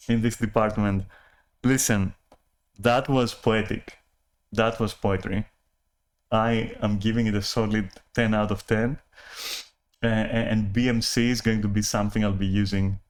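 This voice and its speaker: A man's voice: lowish voice, fairly even intonation, measured pace, pauses often. A man talking in a casual rambling monologue, often apologizing, laughing and swearing as he restarts his sentences. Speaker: channel host.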